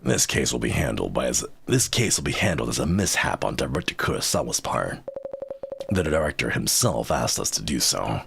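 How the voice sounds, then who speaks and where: A man voicing a stern male security police commissioner in a low, gravelly, clipped tone for a game read-through. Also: very animated, normal speed, fairly bright tone, a little hiss or hum, heavily acted. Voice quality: low gravelly voice in a Solid Snake style.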